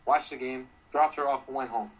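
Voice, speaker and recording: An American man telling a story in casual chat as a guest, relaxed and easygoing. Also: medium pitch, brisk, highs cut off, a little hiss or hum. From United States.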